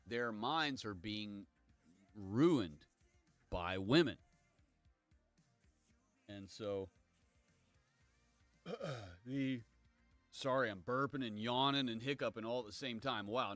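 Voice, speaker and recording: A man's voice: on the low side, fairly bright tone, no echo. A man hosting his own livestream, talking in a meandering, digressive way and reading viewer comments aloud. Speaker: livestream host. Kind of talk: rambling solo livestream monologue.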